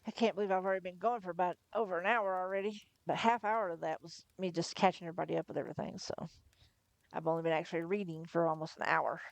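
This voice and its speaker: A woman reading a novel aloud on a livestream in first person, chatty between chapters, her voice going hoarse. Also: lowish voice, fairly even intonation, fast, no echo. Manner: chatty, laughs between asides. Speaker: livestream storyteller.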